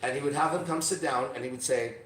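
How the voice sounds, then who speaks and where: A middle-aged man telling a personal story on a podcast, emphatic and profane, swinging from quiet to loud. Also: medium pitch, fast, distant mic, a little hiss or hum. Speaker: podcast host. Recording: roomy echo, off-mic.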